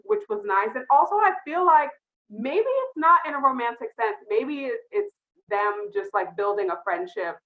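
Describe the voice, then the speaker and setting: A woman's voice: mid-range voice, narrow, tinny audio. A woman talking casually about a TV show, chatty and laughing through her lines. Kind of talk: casual TV recap chat.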